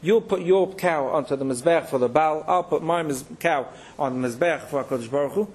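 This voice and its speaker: A rabbi telling Torah stories, chanting Hebrew verses and then explaining them in English. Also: male voice, fairly high pitch, a little fast, darkish tone, husky. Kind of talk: storytelling Torah talk.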